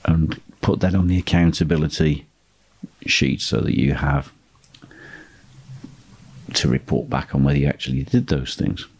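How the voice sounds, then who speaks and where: A man teaching as a property investment tutor, speaking in a steady instructional monologue and driving points home by repeating key phrases. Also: rumbling low, moderate pace, pauses often, breathy edge.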